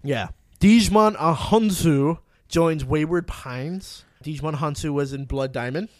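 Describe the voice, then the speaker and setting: Guy hosting a podcast, fast swearing recap, kinda high voice, dry close sound. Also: no room sound. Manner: profane, excitable storytelling recap; acts out quotes with sudden loud yelps. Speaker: podcast host. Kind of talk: casual chat.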